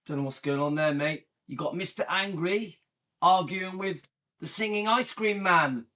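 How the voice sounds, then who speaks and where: A man's voice: sits high, unhurried, sharp tone. A man hosting his own channel, chatting casually and rambling with lots of fillers. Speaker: channel host. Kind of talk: casual chat to camera.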